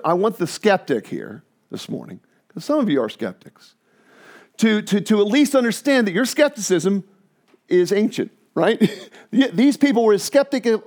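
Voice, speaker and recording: A man preaching a sermon in an animated way, often restarting and repeating his words. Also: fairly high pitch. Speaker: pastor.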